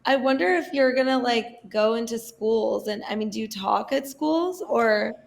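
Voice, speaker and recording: A woman hosting a casual podcast, with a voice that sits a little high and carries a gravelly fry. She chats in an easygoing way and drops in quick reactions. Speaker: podcast host.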